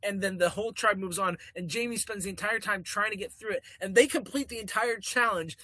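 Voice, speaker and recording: A man co-hosting a podcast in casual chat, animated and laughing often as he talks things over. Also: sits high, fairly quick, dry recording. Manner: animated, quotes people in put-on voices, laughs often. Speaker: podcast co-host.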